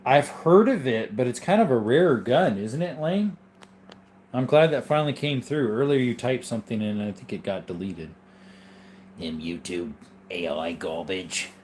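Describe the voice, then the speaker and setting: A sleepy man hosts a relaxed livestream, chatting with viewers in a loose, rambling way full of ums and asides. His voice sits in an ordinary middle pitch, with a faint hum of room ambience behind him. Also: normal speed. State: sleepy, yawning. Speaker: livestream host reading viewer chat. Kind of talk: casual live chat.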